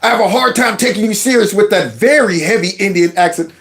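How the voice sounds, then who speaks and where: A man hosting his own channel, reacting to news clips with animated, mocking commentary and talking back to the speakers. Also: sits high, quick pace.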